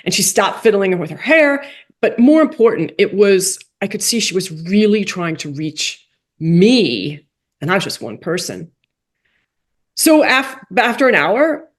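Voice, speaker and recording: A woman being interviewed, telling a story in a lively way that acts out quoted dialogue with big jumps in pitch and drops into soft, quiet asides. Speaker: guest, coach for rabbis and playwright.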